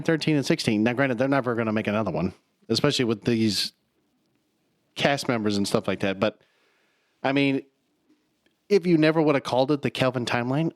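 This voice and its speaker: A man's voice: mid-range voice, no echo, clean studio sound. A man co-hosting a casual podcast chat, self-deprecating and swearing freely, with sighs and laughs. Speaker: podcast co-host.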